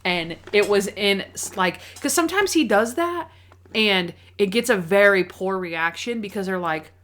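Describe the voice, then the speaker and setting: A young woman co-hosting a podcast, chatting casually and excitedly with many fillers. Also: mid-range voice, measured pace. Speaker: podcast co-host. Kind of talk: casual chat.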